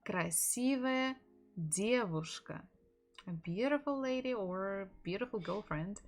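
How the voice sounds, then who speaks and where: A woman with a Russian accent teaching a live-streamed language lesson, repeating each word slowly so learners can follow. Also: mid-range voice, expressive, faint music behind. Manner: slow, drilling words by repetition.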